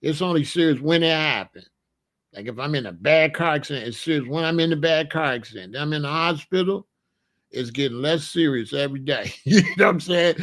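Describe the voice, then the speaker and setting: A man hosting a comedic monologue, an animated, profane storyteller who laughs often. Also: on the high side, a little fast. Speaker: podcast host.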